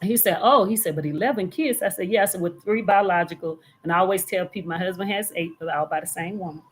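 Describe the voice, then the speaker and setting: A woman's voice: lowish voice, fast, a little hiss or hum. A woman, a minister, telling a story in an earnest, detailed way during a casual live church discussion. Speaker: minister and co-host.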